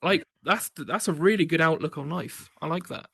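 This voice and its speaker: A man co-hosting a casual chat, enthusiastic and laughing with quick asides. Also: on the high side, lively intonation, vocal fry, a bit bright, breathy edge.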